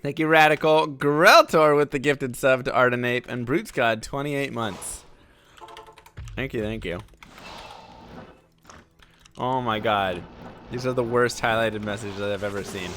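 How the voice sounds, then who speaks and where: A man's voice: medium pitch, unhurried, pauses often, noisy background. A man streaming live, chatting casually and reacting to viewer messages while gaming, his voice sounding sick.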